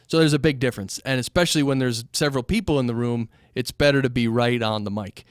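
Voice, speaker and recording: A man with a mid-range voice talks casually about using a microphone, stopping and restarting as he goes. His voice is smooth and clear. The sound is dry and close, recorded in a small studio. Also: mid-range voice, fast, few pauses, dry recording. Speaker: recording studio owner teaching mic technique. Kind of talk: casual instructional talk to camera. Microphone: studio microphone at a few inches, sometimes pulled far off.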